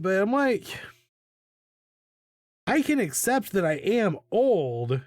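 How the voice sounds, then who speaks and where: A talkative streamer in their thirties rambles through a drawing session, trips over repeated words and leans on "like" between thoughts. The voice sits at a middle pitch and is recorded close and dry, with almost no room sound. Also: very animated, slow pace, darkish tone, no room sound. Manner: chatty and self-deprecating, many fillers and repeated words, hums and laughs. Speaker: live-streaming artist. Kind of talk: rambling casual chat while drawing.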